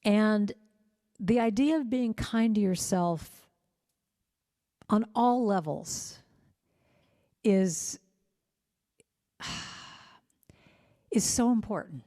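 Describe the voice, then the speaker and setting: Warm, gentle-voiced woman telling heartfelt stories. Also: mid-range voice, very slow, long pauses. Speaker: singer-songwriter speaker. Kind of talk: inspirational church talk. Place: church.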